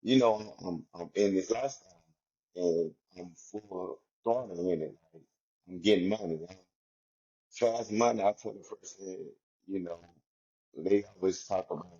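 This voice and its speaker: Man, very deep voice, mellow tone, reflective candid storytelling, muffled lo-fi sound. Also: breathy edge. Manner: reflective, loose, full of "you know" and "like". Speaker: former inmate guest.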